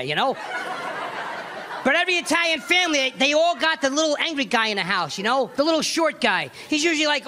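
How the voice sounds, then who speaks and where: A man doing a stand-up comedy set, telling stories and acting out characters. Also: very high-pitched. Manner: animated storytelling, acts out characters. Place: comedy club stage. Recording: live club recording with crowd noise. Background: laughing audience.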